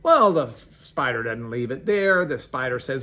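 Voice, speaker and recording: A man's voice: mid-range voice, animated, moderate pace, hardly any pauses, sharp tone. Man, pastor, folksy, conversational, devotional thought. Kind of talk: devotional sermon.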